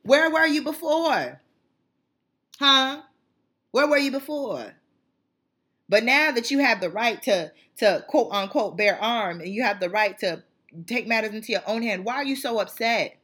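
Woman w/ going off on a fiery rant, kinda high, bit husky. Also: animated, a little slow, a bit bright. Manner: fiery, emphatic, repetitive. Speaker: channel host. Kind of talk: impassioned monologue.

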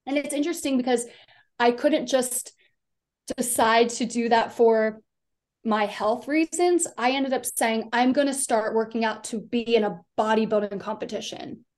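Woman, from the East Coast, podcast guest, fairly high pitch, chatty, rambling storytelling. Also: moderate pace, darkish tone. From Delaware, US East Coast. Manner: chatty, rambling, lots of "like" fillers. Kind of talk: personal storytelling.

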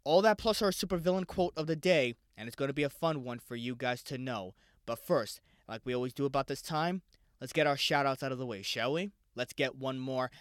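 A man's voice: mid-range voice, fairly quick, dry recording, clean studio sound. A man hosting a casual solo podcast, rambling loosely and swearing freely. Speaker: podcast host.

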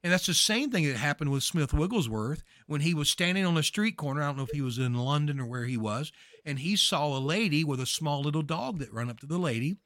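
A man speaking as a guest minister, preaching with fervor and building to emphatic shouts. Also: a little high, expressive, a little fast, no room sound, studio quality. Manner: emphatic, rises to shouting peaks. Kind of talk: fervent preaching talk.

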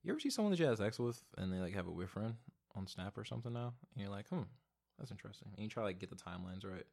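Solo podcast host, man in his twenties, low voice, rambling and profane, goes from mumbling to loud ranting. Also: animated, rapid-fire, vocal fry. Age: 20s. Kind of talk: casual solo podcast rant. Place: home, alone.

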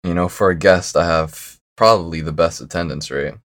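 A man's voice: low voice, moderate pace, background noise. A young man chatting casually as a podcast guest, laid-back and a bit mumbly, laughing often. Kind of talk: casual chat.

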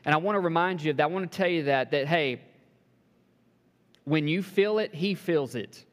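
A man preaching a sermon to a congregation, building to emphatic peaks and dropping to soft, hushed lines, with joking asides. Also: fairly high pitch, normal speed. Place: church sanctuary. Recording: long hall reverb.

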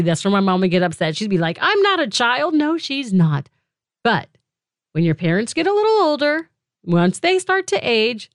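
A middle-aged woman hosting her own podcast, talking in a frank, chatty way with animated, mock-disgusted asides, recorded close to a studio mic. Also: mid-range voice, dry recording. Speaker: podcast host. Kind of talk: casual solo podcast talk.

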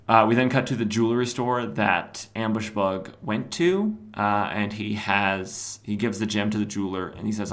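A man's voice: fairly low pitch, moderate pace, few pauses, a bit bright. A man hosting a podcast, casually recapping an old comic with rambling asides. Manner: rambling, many fillers, chuckles at own asides. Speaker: podcast host.

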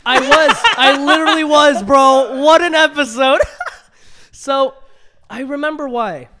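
A young man co-hosting a casual podcast chat, an animated storyteller who laughs often. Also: extremely high pitch, unhurried. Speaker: podcast co-host.

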